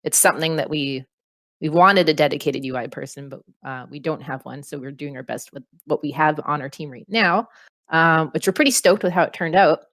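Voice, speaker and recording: Woman, low voice, game developer, casual Q&A, dry close mic. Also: brisk, a bit bright, dry recording. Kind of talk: casual Q&A in a voice call. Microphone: computer mic on a voice call.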